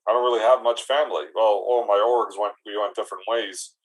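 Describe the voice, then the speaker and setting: A man voicing a laid-back, lonely male orc who works as a bouncer, talking in a slow, deadpan, rambling way. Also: fairly low pitch, close to an everyday voice, poor audio.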